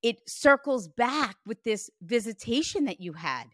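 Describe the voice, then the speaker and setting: A woman giving a spirit reading as a medium, speaking in an animated, emphatic and reassuring way. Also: fairly high pitch, a little slow, no echo, clean studio sound. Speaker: psychic medium.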